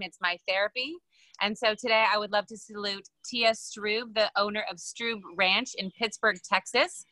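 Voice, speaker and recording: A woman on a video call, talking in a relaxed way about a simple dish, with a light joke. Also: medium pitch, no room sound, rough recording. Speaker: guest, business founder. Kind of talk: casual video-call talk.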